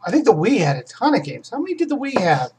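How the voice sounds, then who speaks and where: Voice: mid-range voice, huge pitch swings, fast talker, a little mellow, a little hiss or hum, poor audio. A game reviewer hosting a casual live question session who rambles, restarts sentences and gives opinions on games. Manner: rambling, self-correcting, many restarts.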